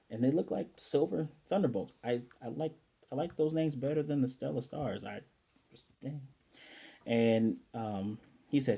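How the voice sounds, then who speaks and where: A man's voice: medium pitch, normal speed, creaky, mellow, husky. An American man casually reviewing an anime episode, rambling with many fillers and self-corrections.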